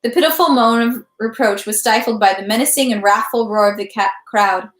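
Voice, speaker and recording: A woman's voice: on the high side, brisk. Woman narrating a novel in a roomy echo. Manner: steady narration with small self-corrections. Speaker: reader. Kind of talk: reading a classic novel aloud. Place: home.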